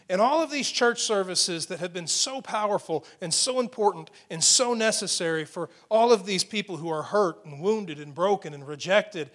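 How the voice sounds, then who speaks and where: A man's voice: high-pitched, fairly bright tone. A middle-aged man preaching a sermon, building intensity and asking rhetorical questions. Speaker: pastor.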